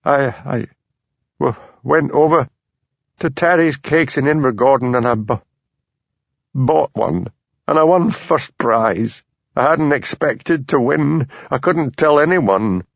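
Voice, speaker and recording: A man's voice: medium pitch, measured pace, creaky, no echo. A man voicing a frail, ashamed woman in her fifties who speaks in a tearful, faltering way. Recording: dull dry lo-fi audio.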